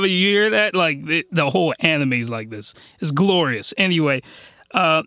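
A man's voice: on the high side, bright, forceful tone, dry recording, studio quality. A young man chatting enthusiastically through an anime review, laughing and restarting his sentences. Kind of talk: casual review chat.

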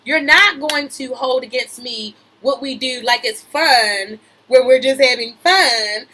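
A woman's voice: sits high, a little slow, hardly any pauses, sharp tone, rough recording. A young adult woman hosting a podcast, reading celebrity news aloud and riffing on it animatedly, cutting in on herself with repeated "wait a minute"s and slang. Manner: reads news aloud then riffs with slang and laughter. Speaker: podcast host. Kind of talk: gossip commentary.

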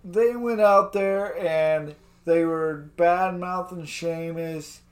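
A man's voice: sits high, steady tone, slow pace. A man chatting casually about wrestling, laid-back and rambling, often calling his partner dude. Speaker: co-host.

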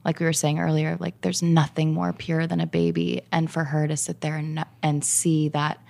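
A woman in a heartfelt casual conversation, speaking in a searching way with many pauses and fillers. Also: deep voice, little pitch movement, gravelly, darkish tone.

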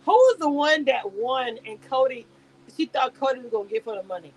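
A woman with a high, animated voice talks a little fast. She's a YouTube live host reacting to a reality show cast in a casual stream, reading the chat aloud amid lots of laughter and rambling digressions.

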